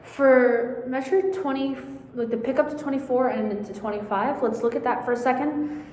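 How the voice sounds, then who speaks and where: A woman's voice: high voice, steady tone, normal speed, a little mellow, echoey room, big-room sound. A woman coaching a viola section, speaking through a face mask and slightly out of breath, chatty and informal with frequent fillers as she counts beats aloud. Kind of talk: casual practice lesson, counting beats aloud.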